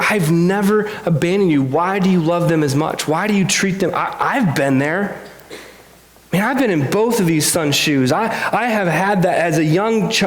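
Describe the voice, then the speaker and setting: A man preaching a sermon in a church, earnest and confessional, often stumbling over repeated words. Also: high voice. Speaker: pastor. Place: church sanctuary. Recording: echoey hall.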